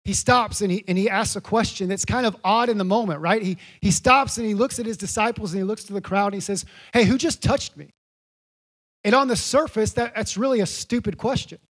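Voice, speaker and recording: A man with a high-pitched voice delivers a sermon from the pulpit. He repeats key lines for weight and pushes each point to an emphatic peak. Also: fast, few pauses, a bit bright. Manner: earnest, building to emphatic peaks. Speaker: pastor.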